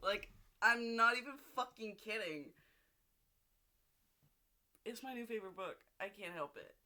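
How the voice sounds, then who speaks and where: Bright-voiced vlogger gushing over a book. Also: medium pitch, lively intonation, unhurried. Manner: rambling and gushing, with frequent restarts and casual swearing. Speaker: video diary vlogger. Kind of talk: casual video diary chat.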